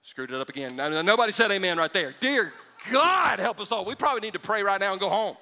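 Lively joking pastor, bright voice in a reverberant church hall. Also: male voice, high-pitched, fast talker. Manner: animated and joking with the congregation, swinging from loud to hushed. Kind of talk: sermon. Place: church sanctuary before a congregation.

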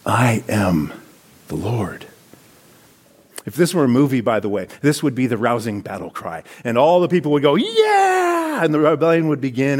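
A man's voice: mid-range voice, a little mellow. A man giving a sermon, reading scripture passages aloud and commenting on them in a conversational preaching tone. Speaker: pastor.

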